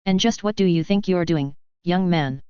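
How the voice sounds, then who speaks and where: A woman's voice: fairly low pitch, normal speed, smooth, no room sound, muffled recording, close to an everyday voice. A woman voicing a stern, motherly female school nurse who talks in a firm, scolding way.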